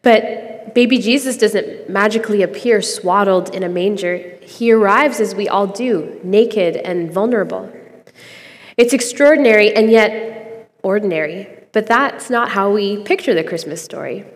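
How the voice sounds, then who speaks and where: A young woman shares a reflective devotional in an earnest, conversational way and laughs easily. She has a middle-pitched voice. The sound carries a long reverb. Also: unhurried. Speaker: podcast co-host giving a devotional.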